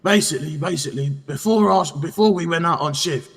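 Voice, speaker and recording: A man's voice: a little high, fairly quick, husky, long reverb tail. A man playing a brash, chatty male police officer in a game role-play, speaking, rambling and tacking "mate" onto every phrase. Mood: defensive.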